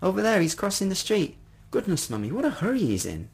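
Guy doing a curious little girl, high excited questions, bouncy. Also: a little fast, creaky, husky, heavily acted. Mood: eager. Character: young girl, eager and curious.

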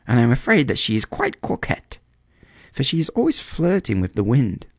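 Brief: fussy lovesick swallow, bird-like and lively, put on by a man reading a storybook. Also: medium pitch, moderate pace, no echo, clean studio sound, pitched above the performer's own voice. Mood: peevish. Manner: prim, fussy, exclaiming.

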